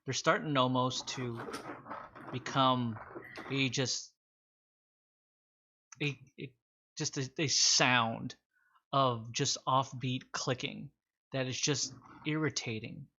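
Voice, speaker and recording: A man with a slightly rusty voice from sinus trouble, game master slowly building suspense in a tabletop game. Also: mid-range voice, fairly even intonation, sharp tone, highs cut off. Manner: slow, suspenseful descriptions with fillers and restarts.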